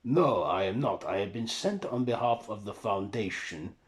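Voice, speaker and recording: A man voicing an old, proud vampire count with a Romanian accent, speaking slowly, formal and aloof. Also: lowish voice, animated, natural voice.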